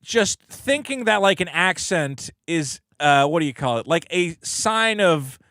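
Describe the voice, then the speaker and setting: Man, from the United States, comedy podcast co-host, animated, rambling, bright, fairly high voice. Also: unhurried, no room sound, clean studio sound. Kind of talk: casual comedic podcast chat.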